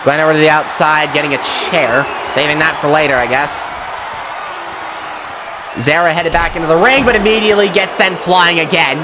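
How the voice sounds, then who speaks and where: A man doing excitable, sweary play-by-play commentary on a wrestling match, often shouting at the action. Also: fairly high pitch, moderate pace, crowd noise, noisy background. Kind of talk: play-by-play video game commentary.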